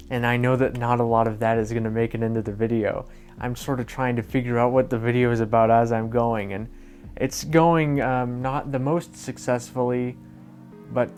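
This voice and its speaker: A mid-pitched vlogger riffs through casual reaction commentary, sarcastic and meandering. He swears freely and often undercuts his own points. Faint music runs under his voice. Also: a little mellow. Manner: rambling, sarcastic, swears freely, self-deprecating. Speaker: commentary YouTuber.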